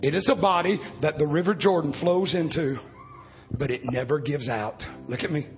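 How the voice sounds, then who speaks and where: A high-pitched man in his fifties delivers a sermon. He swings between low, quiet talk and loud shouting. The recording is dull and lo-fi, with faint music underneath. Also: moderate pace. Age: 50s. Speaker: preacher.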